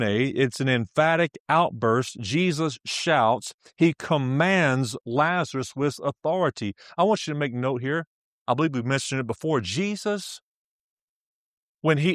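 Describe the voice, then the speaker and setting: A man's voice: medium pitch, no echo, studio quality. A male preacher teaching a sermon, emphatic, repeating key phrases and laughing often as he speaks.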